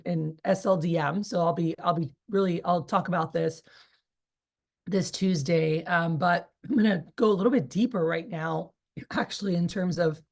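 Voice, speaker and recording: Woman in her 30s running a sales training, low-ish voice, rambly and full of ums. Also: darkish tone. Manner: chatty, rambling with many fillers. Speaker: sales team leader. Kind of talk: casual training talk.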